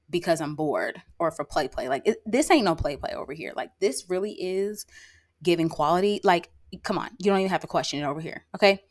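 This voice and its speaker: A woman hosting her own podcast in a casual monologue, sassy and emphatic, constantly checking in with "okay?" and "like". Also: on the low side. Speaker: podcast host; lash artist and brow tattooer. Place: rural area.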